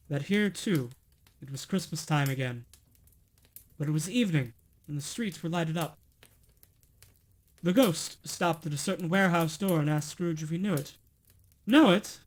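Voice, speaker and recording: A man reading a classic storybook aloud on a stream, expressive and now and then stumbling and correcting himself. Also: fairly high pitch, moderate pace, pauses often.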